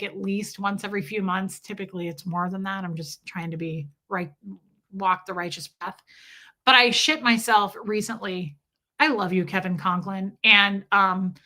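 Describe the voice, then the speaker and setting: Bright, crude-talking woman streamer. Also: mid-range voice. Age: 40s. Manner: crude, candid, chatting with viewers. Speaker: live streamer. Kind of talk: casual live stream chat.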